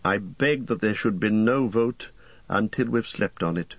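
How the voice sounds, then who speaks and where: A man's voice: lowish voice, unhurried, no echo, dull audio. A man reading the part of a small, thoughtful hobbit in an audiobook, hesitant and earnest. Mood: reluctant.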